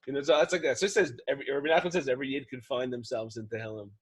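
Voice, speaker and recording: This man co-hosts a podcast, keeping the chat casual with joking, self-deprecating humor. His husky, medium-pitched voice stays steady in tone while he speaks rapid-fire.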